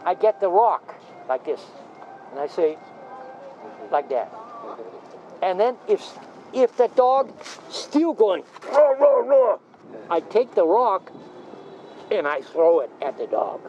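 A woman's voice: on the low side, takes it slowly, long pauses. A woman chatting playfully with a child in simple, broken English. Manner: simple broken English, playful and animated, makes animal sounds. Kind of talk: casual chat. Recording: dull lo-fi with faint traffic.

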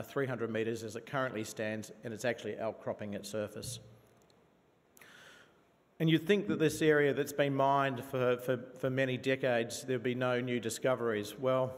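A man's voice: mid-range voice, steady tone, moderate pace. New Zealand man presenting in a hall. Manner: enthusiastic, with frequent fillers and restarts. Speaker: company presenter. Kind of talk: investor conference presentation. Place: conference venue. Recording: reverberant conference hall.

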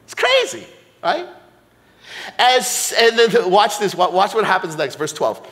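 A man's voice: high-pitched, a little slow. A male pastor giving a sermon in a church, telling a story and acting out its characters. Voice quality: animated storyteller, acts out the characters. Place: church sanctuary, Los Angeles. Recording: long hall reverb, church sanctuary.

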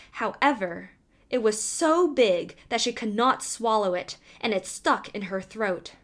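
A woman reading a fairy tale aloud as an audiobook narrator, in an expressive storytelling voice. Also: a little high.

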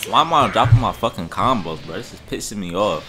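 A man giving casual, frustrated commentary on his gameplay, swearing and jumping into high-pitched yelps when things go wrong. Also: expressive, fast talker. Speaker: gaming YouTuber. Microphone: desktop USB microphone. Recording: game music behind voice.

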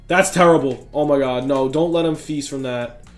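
A young man giving excited, trash-talking commentary over his own basketball video game play. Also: mid-range voice, moderate pace, soft background music. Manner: hyped, trash-talking, reacts loudly to every play. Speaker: gaming YouTuber.

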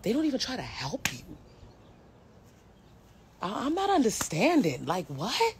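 A woman's voice: fairly high pitch, huge pitch swings, unhurried, long pauses, a little hiss or hum. An American woman hosting a live stream, ranting bluntly to her viewers, swearing freely and calling them bro. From United States. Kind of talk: casual live-stream rant.

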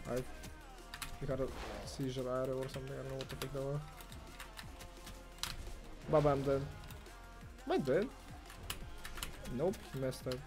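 A young man commentating on his own gameplay, excitable and foul-mouthed, swinging from muttering to yelling and ranting. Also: mid-range voice. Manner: excitable, swears, rants, swings from mumbling to yelling. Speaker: gamer streamer.

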